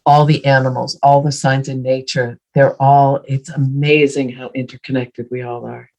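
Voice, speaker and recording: A woman's voice: rumbling low, flat delivery, moderate pace, a little mellow, rough recording. A woman co-host chatting casually, affirming her guest and reflecting on her own stories. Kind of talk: casual chat.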